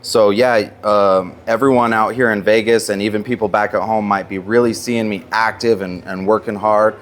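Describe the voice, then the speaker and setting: Earnest, low-voiced male musician guest. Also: fairly even intonation, normal speed, a little hiss or hum. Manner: earnest, heartfelt, emotional storytelling. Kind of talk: casual interview conversation.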